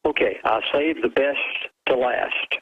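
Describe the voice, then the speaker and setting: A man speaking as a guest on a radio show, slow and deliberate, stressing each quoted word. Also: medium pitch, slightly rough, phone-quality sound. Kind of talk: phoned-in guest talk.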